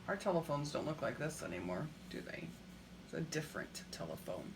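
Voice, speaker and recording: Lively woman reading a picture book aloud. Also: low-pitched, a little hiss or hum. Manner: lively, pausing to ask the listener questions. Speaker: storybook reader.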